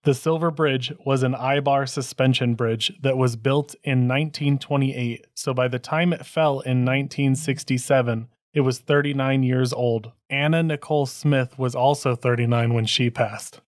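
Guy reading his notes on a podcast, deadpan jokes, dry close sound. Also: medium pitch, normal speed, few pauses, no room sound. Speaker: podcast co-host. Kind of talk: reading researched notes, casual chat.

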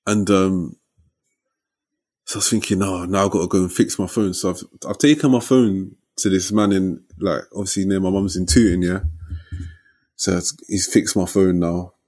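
A young man telling a story in casual chat, lively and slangy, ending lines with "innit" and "yeah". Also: low-pitched, moderate pace.

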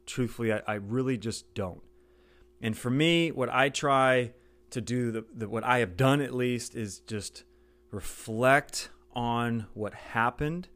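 A middle-aged man speaks earnestly in a podcast monologue, recounting a personal story. He often stops and restarts his sentences, and his voice sits at an average pitch. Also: a bit bright. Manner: earnest, halting with frequent restarts. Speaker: podcast host.

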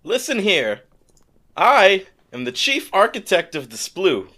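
A pompous alien chief architect, as a player puts him on, indignant and blustering. The pitch leaps wildly while the words come slow and drawn out. The tone is bright and sharp over faint background noise. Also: very animated, exaggerated voice.

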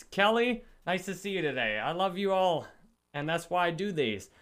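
A man's voice: fairly high pitch, a bit bright, smooth. A man hosting a casual livestream book discussion, talking earnestly and greeting viewers in the chat. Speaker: livestream host.

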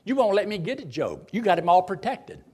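A man's voice: high-pitched, very animated, a little fast, mellow, slightly rough, heavily acted. A man preaching plays Satan as a pushy adversary, insisting over and over to be let at his target. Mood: wheedling. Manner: insistent, wheedling. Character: Satan, scheming adversary pleading for access.

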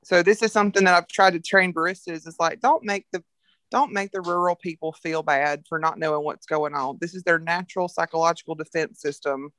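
A woman with a Southern American accent, a coffee entrepreneur talking frankly and telling animated stories as a podcast guest. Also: lowish voice, brisk, dry recording, studio quality. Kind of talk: casual podcast conversation.

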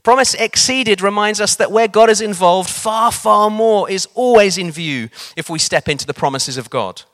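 Preacher, man, lively sermon storytelling, a bit higher voice. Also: normal speed. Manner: animated, varies pace for emphasis.

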